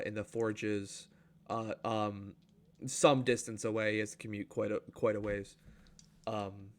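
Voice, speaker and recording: A man narrating a tabletop game as game master, halting and filling his pauses with "uh" and "um". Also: on the low side. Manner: halting, full of fillers and restarts.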